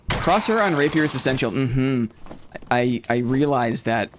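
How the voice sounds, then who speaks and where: A man calling out a live game stream in a loose, chatty voice at a middling pitch. He thinks out loud to his viewers, repeats short phrases and turns jumpy and excited when a fight goes wrong, with a faint hiss of noise behind him. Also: unhurried. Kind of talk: live gameplay commentary.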